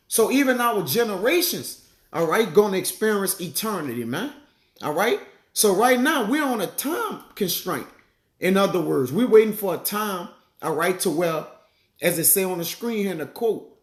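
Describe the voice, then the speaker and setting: Man, casual bible teacher, slightly high voice, echoey room. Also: animated. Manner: conversational, peppers lines with "man" and "all right"; reads verses slowly, searches aloud for passages. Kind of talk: casual sermon with scripture reading.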